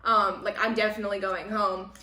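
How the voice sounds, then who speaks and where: A woman chatting on a casual book podcast, walking through the plot in long run-on recaps. Her voice sits at a middle pitch and rings off the walls of an echoey room. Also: little pitch movement, a little fast, bright, forceful tone. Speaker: podcast co-host. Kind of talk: casual book club chat.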